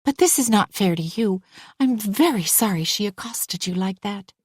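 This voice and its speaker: A woman's voice: expressive, normal speed, a little mellow, husky, no room sound, studio quality. A woman voicing an anxious, well-off young mother who talks in agitated, pleading tones. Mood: worried. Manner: pleading, agitated, pitch rising.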